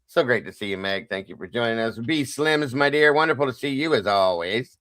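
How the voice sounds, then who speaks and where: A man's voice: mid-range voice, expressive, a little fast, a bit bright, no room sound, studio quality. A man hosting a casual livestream, greeting viewers one by one by name with playful sing-song asides. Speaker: livestream host.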